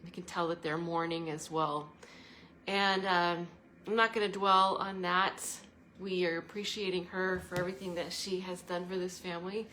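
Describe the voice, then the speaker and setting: Earnest, meandering woman with a low voice. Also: flat delivery, moderate pace, sharp tone, slight background noise. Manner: meandering, earnest, breaks into laughter. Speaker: travel and spirituality vlogger. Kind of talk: casual reflective monologue. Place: indoor living room by a fireplace.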